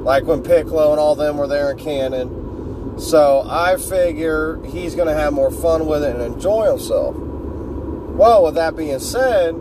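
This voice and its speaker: A man's voice: on the high side, a little slow. Easygoing male storyteller, loose and profane, talking from a car with road noise. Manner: laid-back, joking, swears freely, loses his words. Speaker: fan storyteller. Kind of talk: casual rambling retelling.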